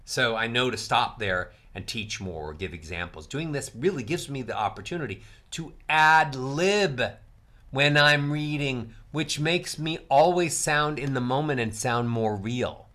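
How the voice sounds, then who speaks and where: A male coach teaching speaking technique in a lively, bright voice. His pitch rises and falls a lot as he shows how to stress words. He talks straight to the viewer, sometimes loud and sometimes near a whisper. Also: a little slow. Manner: expressive, demonstrates emphasis with big swings in pitch and volume. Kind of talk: instructional talk to camera.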